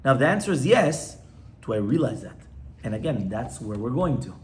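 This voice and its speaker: A man's voice: mid-range voice, very animated, a little fast, slight background noise. A man, a rabbi, teaching an informal class to a live audience in a conversational way, often stopping to ask his listeners questions.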